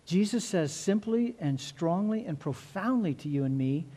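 A middle-aged male pastor delivers a sermon in a mellow, warm tone that sits a little high for a man. He is earnest, leans on repeated words and slows down to stress key phrases. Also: animated.

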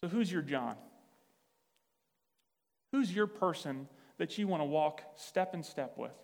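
Storytelling preacher in a reverberant hall. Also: male voice, a little high, expressive, a little slow, a little mellow. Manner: conversational, self-deprecating humor, acts out dialogue. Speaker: pastor. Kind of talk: sermon with personal story.

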